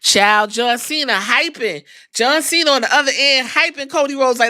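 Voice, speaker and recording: A woman's voice: high-pitched, moderate pace, few pauses, no room sound. Woman podcaster ranting through a wrestling recap, cussing a lot, dry close sound. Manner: animated, profane storytelling. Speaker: podcast host.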